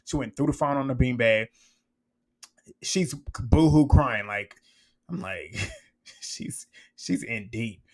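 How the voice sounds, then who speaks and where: A man's voice: medium pitch, a little slow, fairly bright tone. Blunt, chatty man recapping a show. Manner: chatty and blunt, swears freely, laughs often, acts out quotes. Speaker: reality TV recap reviewer. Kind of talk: casual episode recap commentary.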